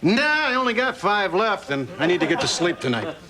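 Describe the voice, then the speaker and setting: A man's voice: sits high, big pitch swings, a little fast, a crowd in the background, noisy background. An actor playing a crude, bitter middle-aged father in a sitcom, talking in a sardonic, scoffing way. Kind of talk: sitcom acting. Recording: sitcom audio with loud studio laughter. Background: audience laughter.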